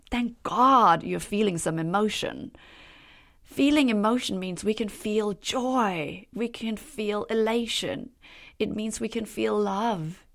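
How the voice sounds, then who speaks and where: A middle-aged woman hosting a solo podcast as a leadership coach, talking earnestly and passionately, with soft laughs and breathy asides. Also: mid-range voice. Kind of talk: reflective solo podcast talk.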